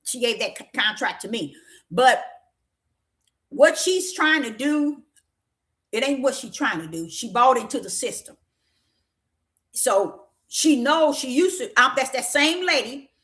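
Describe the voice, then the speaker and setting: Middle-aged woman telling a story, kinda high voice, animated and preachy. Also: a little slow, long pauses. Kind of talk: storytelling to viewers.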